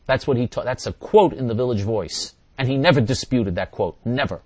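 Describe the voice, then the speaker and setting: Older guy doing a talk radio rant, keeps repeating himself hard, dead dry studio mic, middle pitch. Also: fairly quick, few pauses, a little mellow, slightly rough, no echo. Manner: emphatic and repetitive, hammering points again and again. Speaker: talk show host. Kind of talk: talk radio monologue answering listeners.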